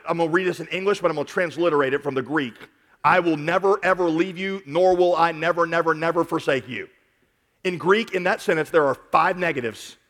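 A man preaching a sermon as a pastor, animated, repeating words and swinging between quiet stretches and loud peaks. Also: on the high side. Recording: long hall reverb.

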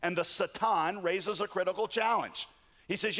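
A man's voice: high voice, moderate pace, fairly bright tone. A man preaching a sermon, telling stories with joking asides. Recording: long hall reverb.

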